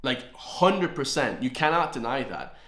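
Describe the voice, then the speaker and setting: An Irishman hosts a reaction commentary, ranting with heat, swearing freely and dripping with sarcasm. His voice sits at an ordinary middle pitch. The room gives it a noticeable echo. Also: animated, a little slow, fairly bright tone. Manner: heated, ranting, profane, sarcastic. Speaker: commentary channel host. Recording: roomy echo.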